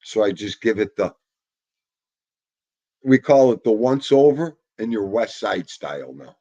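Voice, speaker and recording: A man in his fifties with a husky, somewhat low voice. He chats casually in a rambling, jokey way and talks to his dog. The recording sounds a little dull and muffled. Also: sing-song, measured pace, dark tone. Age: 50s. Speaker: vlogger. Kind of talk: casual chat.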